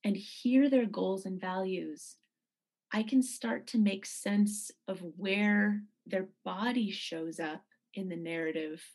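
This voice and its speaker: Woman, physician guest, husky tone, measured and earnest delivery. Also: mid-range voice, darkish tone. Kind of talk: conversational podcast talk.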